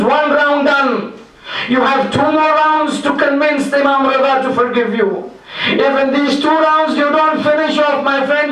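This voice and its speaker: A man's voice: extremely high pitch, a bit bright. A man preaching a sermon, telling a story with feeling and acting out the dialogue of its people. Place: Islamic center lecture hall. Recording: echoey hall, mic far off.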